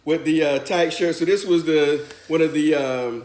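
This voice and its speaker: A man's voice: a little high, darkish tone. A man hosting a family football vlog, casually making picks and trash-talking with a laugh. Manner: teasing, laughing, rapid trash talk. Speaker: vlog host. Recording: echoey room with faint noise.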